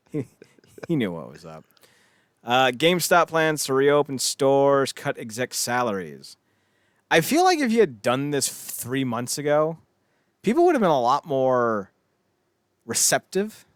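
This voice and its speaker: Animated podcast man, lively pitch. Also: measured pace, long pauses, dry recording, studio quality. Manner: animated, riffs with silly voices and laughs. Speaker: podcast co-host. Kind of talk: casual chat.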